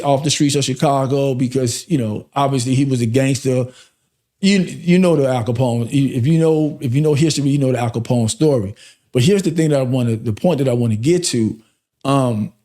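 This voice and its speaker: A man's voice: mid-range voice, darkish tone. A man hosting a podcast as a life coach, giving a faith-based motivational talk with emphatic, repeated rhetorical questions.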